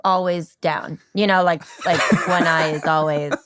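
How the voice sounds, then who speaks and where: A woman's voice: low-pitched, steady tone, a little slow, fairly bright tone, clean tone. A woman in her forties talking on a podcast as a guest. She tells stories with a lot of energy and laughs often. She acts out other people's voices as she goes. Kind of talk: casual chat.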